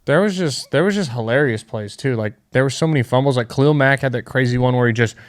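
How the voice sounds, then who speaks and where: A man's voice: mid-range voice, fast. A young man co-hosting a sports podcast, teasing his friends with mock-serious, crude banter. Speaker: podcast co-host. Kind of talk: casual sports chat.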